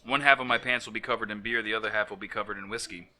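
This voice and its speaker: A man in his thirties co-hosting a podcast, a lively storyteller who laughs often in casual comedic chat. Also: lowish voice, rapid-fire, a little hiss or hum. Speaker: podcast co-host.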